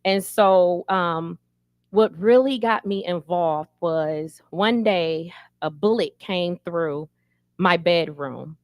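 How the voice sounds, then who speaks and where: A woman's voice: lowish voice, dry recording, studio quality. A middle-aged woman running for city council, answering an interview in a candid, emphatic storytelling manner.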